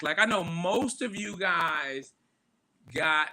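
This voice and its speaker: A man with a bright, forceful voice hosting a live stream. He talks casually and loosely, with plenty of fillers and swearing, drifting from one story to the next. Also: on the high side, expressive, takes it slowly. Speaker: podcast host.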